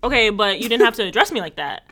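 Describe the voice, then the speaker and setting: A woman's voice: mid-range voice, expressive, quick pace, bright, forceful tone. A woman in casual chat, playfully teasing her friend and acting out little scenes. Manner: teasing, playful, dramatic asides.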